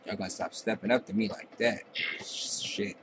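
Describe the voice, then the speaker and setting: A man's voice: lowish voice, steady tone, normal speed, over music, low-quality recording. A young man giving casual, profane trash-talking commentary while playing a video game. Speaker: gameplay commentator.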